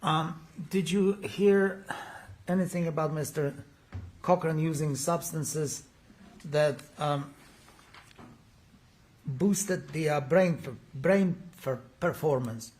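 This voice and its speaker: Man, slightly high voice, defense lawyer grilling a witness in court with pointed, leading questions. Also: slow, long pauses, darkish tone. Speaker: defense attorney. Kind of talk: courtroom cross-examination.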